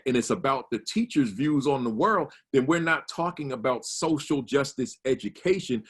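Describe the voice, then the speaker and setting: A man's voice: mid-range voice, husky. A man speaking as a principal to a conference of educators, emphatic and repetitive, stressing single words and restarting his sentences. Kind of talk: conference talk. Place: home or office, virtual conference.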